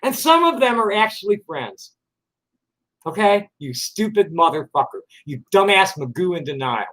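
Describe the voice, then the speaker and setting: A man in his sixties with a notably high voice delivers a furious, expletive-laden rant straight to camera. He talks combatively at his critics, muttering one moment and shouting the next. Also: big pitch swings, moderate pace. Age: 60s. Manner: combative, swears constantly, flares into shouting. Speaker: vlogger answering online critics. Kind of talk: angry profane rant to camera.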